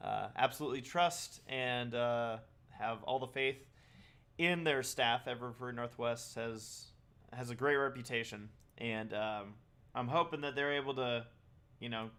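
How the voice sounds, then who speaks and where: A man's voice: mid-range voice, unhurried, pushed and bright, smooth. A man co-hosting a podcast in casual chat, rambling and laughing often. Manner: rambling, laughs often, eating while talking. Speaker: podcast co-host.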